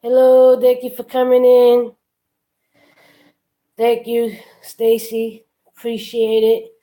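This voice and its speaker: A woman's voice: fairly high pitch, monotone, takes it slowly, mellow, rough recording. A tired woman chatting casually with her live-stream viewers from her workplace, yawning and thanking them one by one.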